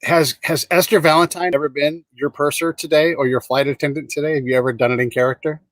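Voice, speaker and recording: A man's voice: fairly high pitch, steady tone, fast, fairly bright tone, no echo. A man hosting an interview, asking questions and musing with enthusiasm. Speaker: podcast host. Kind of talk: casual interview.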